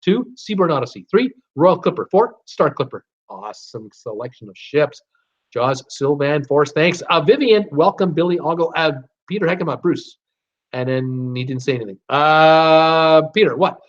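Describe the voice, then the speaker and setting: A man's voice: fairly high pitch, normal speed. Chatty man reading live chat. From United States. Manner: chatty, greets viewers by name, begs for thumbs ups. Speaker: host of a live cruise Q&A stream. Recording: slightly dull, lo-fi stream audio.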